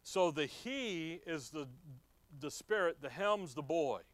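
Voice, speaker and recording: Speaking slowly but with animation, a middle-aged preacher with a higher-leaning voice reads Bible verses aloud and asks his audience questions in a conversational teaching style, recorded dry.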